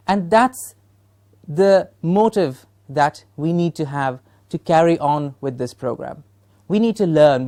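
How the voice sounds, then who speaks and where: Punjabi-accented woman training teachers in a studio, kinda low voice, keeps asking and answering her own questions. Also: warm tone. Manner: rhetorical questions, emphatic and encouraging. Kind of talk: recorded training lecture.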